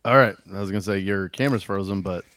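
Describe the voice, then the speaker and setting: Low-voiced joking man co-host. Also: quick pace, a bit bright, dry recording. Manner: joking, teasing, repeats words. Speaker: podcast co-host. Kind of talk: casual sports chat.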